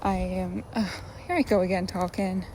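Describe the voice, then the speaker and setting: A woman's voice: on the low side, normal speed, mellow, distant mic. Twenties woman, casual vlogger, nervy, self-deprecating ramble. Echoey home room, some faint hiss. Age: 20s. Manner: rambling, self-mocking, anxious. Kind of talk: casual vlog chat. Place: room at home, moving around while working out. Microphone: phone camera, sometimes from across the room.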